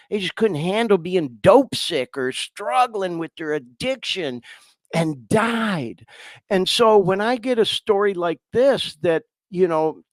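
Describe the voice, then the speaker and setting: A man hosts a live podcast while fighting back tears. He swears freely and keeps calling his listeners y'all, his voice sitting a little high. The sound is dry and close, with no room around it. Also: no echo. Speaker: podcast host. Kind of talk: emotional live podcast talk.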